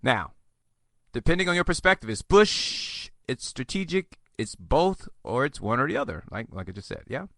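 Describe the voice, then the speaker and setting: Chatty bright-voiced man hosting a podcast. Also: medium pitch, big pitch swings, normal speed, gravelly, dry recording, studio quality. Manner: chatty, joking asides, rambling. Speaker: podcast host. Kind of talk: solo podcast advice monologue.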